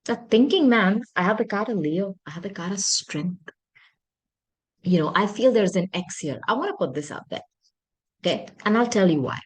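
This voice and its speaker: A woman's voice: medium pitch, lively intonation, normal speed, slightly rough. A woman giving a tarot reading, talking earnestly to her viewers and often apologizing or thinking aloud. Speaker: tarot reader.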